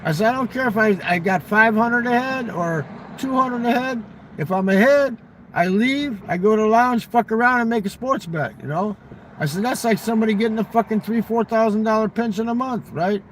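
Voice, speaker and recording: A man's voice: sits high, fairly quick, fairly bright tone, slight background noise, poor audio. A man telling a long, profane casino story in casual talk, acting out the exchanges he quotes.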